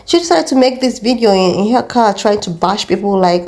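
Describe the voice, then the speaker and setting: A woman's voice: mid-range voice, lively intonation, brisk, few pauses, a little mellow. A woman hosting a commentary video, chatting directly to her viewers in a casual way. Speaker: host.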